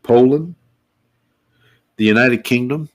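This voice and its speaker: A man's voice: mid-range voice, slow. A man co-hosting a casual podcast chat, easygoing and hesitant, with many fillers. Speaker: podcast co-host.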